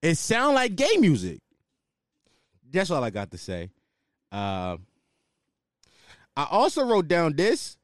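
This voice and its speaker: A man's voice: on the high side, wildly swooping pitch, takes it slowly, pauses often, no room sound, clean studio sound. A man hosting his own podcast, ranting in a loose, slangy, casual way. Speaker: podcast host. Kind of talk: casual solo podcast rant.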